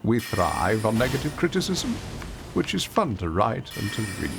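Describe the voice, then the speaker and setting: A man reciting a film monologue as a haughty older male food critic, in a slow, solemn, grave delivery. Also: on the low side, sing-song, creaky, music in the background.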